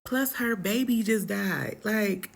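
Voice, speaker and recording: A young adult woman telling a personal story in a casual, animated, dramatic way, full of slang. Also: medium pitch, slow, vocal fry.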